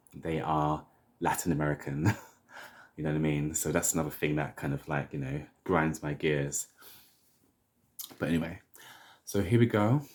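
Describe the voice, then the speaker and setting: A man in his thirties with a London accent, chatting casually to camera as a hair vlogger, chatty and opinionated with drawn-out asides. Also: very deep voice, a little mellow. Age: 30s.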